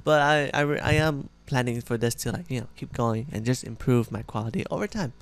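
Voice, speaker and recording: A man's voice: medium pitch, brisk. Rambling young man with retainers. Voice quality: slightly muffled by retainers. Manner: rambling, filler-heavy, self-correcting. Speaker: vlogger. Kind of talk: casual vlog chat.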